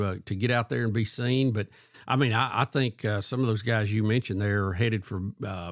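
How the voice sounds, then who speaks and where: Older Southern man, unhurried host. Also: mid-range voice, no room sound, studio quality. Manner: easygoing, halting with repeated starts. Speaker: podcast host. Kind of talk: casual chat.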